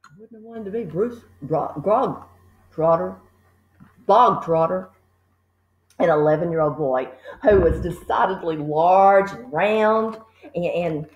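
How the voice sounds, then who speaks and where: A woman teacher reading a children's book aloud, adding lively asides to her listeners. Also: fairly low pitch, echoey room, muffled recording.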